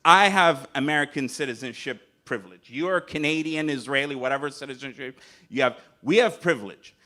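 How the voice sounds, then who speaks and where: A man's voice: medium pitch, brisk, sharp tone. Impassioned man from Gaza on a panel. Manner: emphatic, urgent, repeating phrases for force. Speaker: conference panelist. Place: conference hall.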